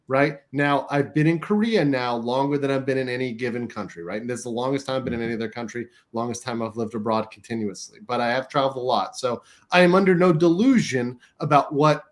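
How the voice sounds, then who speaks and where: A man from the United States in a casual chat, rambling with many fillers, swearing often and keeps checking in with "right?". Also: mid-range voice. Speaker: co-host.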